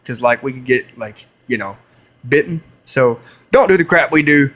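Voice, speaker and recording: A man's voice: mid-range voice, animated, normal speed, a bit bright. A young man telling a rambling story to his viewers, repeating himself and hissing to mimic animals. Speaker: vlogger. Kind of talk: casual storytelling to camera.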